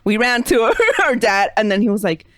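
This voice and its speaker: A woman's voice: medium pitch, fairly even intonation, a little fast, fairly bright tone. A woman co-hosting a podcast, chatting casually and dramatically, with Spanish slipping in. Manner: dramatic, laughing, sprinkles Spanish. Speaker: podcast co-host. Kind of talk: casual chat.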